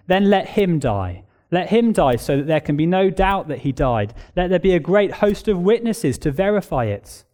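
A man preaching a sermon, speaking earnestly, building to emphatic peaks and dropping to a soft, low voice. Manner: reads a long passage aloud.

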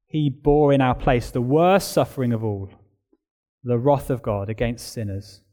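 Earnest preacher guy, builds up loud then goes soft and low, mid pitched. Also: measured pace. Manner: reads a long passage aloud. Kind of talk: sermon.

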